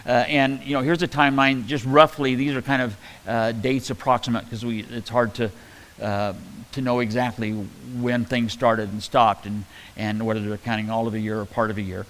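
A man preaching a conversational Bible-teaching sermon, talking in a halting way with many fillers and restarts. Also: medium pitch, little pitch movement, a bit bright, poor audio. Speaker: pastor.

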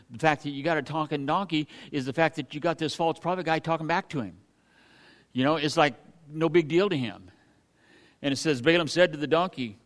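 A man preaching a casual sermon, reading scripture aloud between folksy, animated asides to his congregation. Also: on the high side.

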